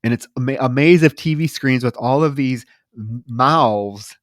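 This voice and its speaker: A man co-hosting a podcast, retelling a film plot in an animated, profane way with laughter. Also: mid-range voice, normal speed, no room sound, studio quality. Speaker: podcast co-host. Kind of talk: casual film discussion.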